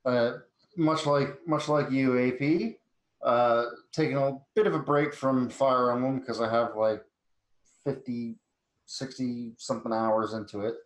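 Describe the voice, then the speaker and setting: A man's voice: mid-range voice, fairly even intonation, a little slow. A man chatting casually on a tabletop game podcast, hesitant and full of fillers. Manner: hesitant, lots of "uh". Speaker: player. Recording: echoey room.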